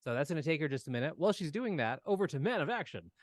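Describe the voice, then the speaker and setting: Game master for a tabletop session, a man with a slightly high voice, loose and rambling. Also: very animated, very fast, dry recording.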